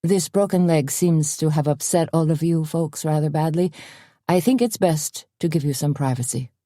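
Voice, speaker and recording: Woman narrator as a polite young doctor: formal and stiff, low and mellow. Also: normal speed, dry recording, clean studio sound, lightly acted.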